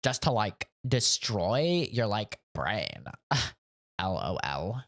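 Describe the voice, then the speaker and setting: A man's voice: lowish voice, big pitch swings, extremely slow, fairly bright tone, heavily acted. A man putting on the voice of a ditzy young valley girl, airy and full of "like". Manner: airy with constant "like".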